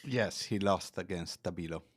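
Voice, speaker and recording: A man as a podcast guest, telling stories in a casual, animated way. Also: deep voice, normal speed, no echo. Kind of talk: casual chat.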